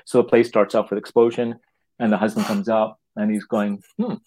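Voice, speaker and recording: A man who writes plays, talking casually in an interview, halting and restarting his words and acting out little quotes. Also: fairly low pitch, level tone, a little mellow, low-quality recording. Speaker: playwright.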